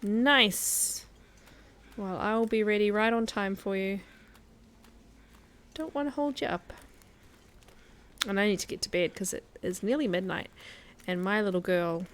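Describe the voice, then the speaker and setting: A woman's voice: medium pitch, fairly bright tone, a little hiss or hum. A woman chatting casually as a guest streamer while she plays a survival game, laughing often. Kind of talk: casual gameplay commentary.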